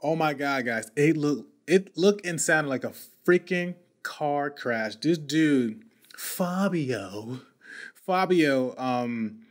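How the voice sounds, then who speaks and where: Male podcast host, a touch high-pitched, in casual story mode with lots of restarts. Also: slow pace. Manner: animated, slangy, repeats and restarts words.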